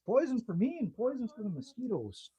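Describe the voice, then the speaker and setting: A laid-back man chats with viewers on a livestream from outside his cabin in the evening. His voice is husky, and his pitch swings a lot as he talks. The sound is dry and close, with little room echo. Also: sing-song, brisk, mellow. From Manitoba, Canada. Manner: laid-back and chatty, teases himself, swears lightly, says "man" often. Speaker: livestream host. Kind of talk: casual livestream chat reading viewer comments.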